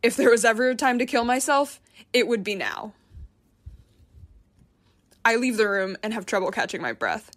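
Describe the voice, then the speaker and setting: A woman's voice: a little high, animated, normal speed, long pauses, a bit bright. A woman reads a first-person memoir audiobook. Her delivery is tense and introspective, with frustration close to the surface. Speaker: narrator.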